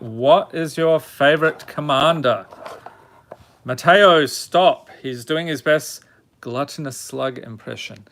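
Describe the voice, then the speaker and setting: A man with a medium-pitched, slightly bright voice hosts a live stream, calling out each card name in turn. Between names he chats casually and jokes with his viewers.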